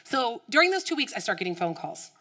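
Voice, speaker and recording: Bright-voiced woman telling a keynote story. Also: on the high side, fast. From United States. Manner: animated storytelling that acts out quoted voices. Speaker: keynote speaker.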